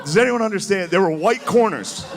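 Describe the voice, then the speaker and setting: Stand-up comedian over crowd laughter. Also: male voice, high voice, lively intonation, brisk. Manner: loose, laughing delivery with mocking put-on voices. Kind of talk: live stand-up set. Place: stage before a live audience. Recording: live show with crowd laughter. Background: audience laughing.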